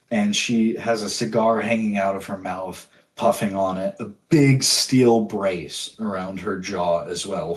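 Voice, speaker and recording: A man narrating as dungeon master in a tabletop game, with a relaxed, descriptive manner and frequent fillers. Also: on the low side.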